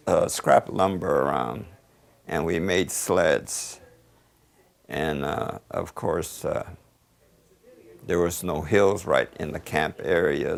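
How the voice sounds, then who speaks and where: A man in his eighties calmly recounting childhood memories in an interview, measured and with fillers. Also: low-pitched, vocal fry.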